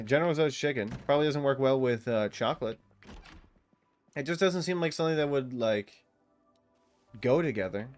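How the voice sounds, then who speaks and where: Male streamer, mid-pitched voice, casual and profane with chat, faint music underneath. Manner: loose, profane, bantering with chat. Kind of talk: casual live-stream chat while gaming.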